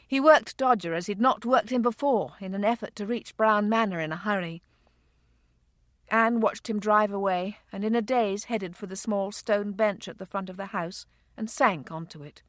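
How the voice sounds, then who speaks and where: A woman narrating a romance audiobook in a measured, unhurried way. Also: mid-range voice, no echo, clean studio sound. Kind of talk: scripted narration.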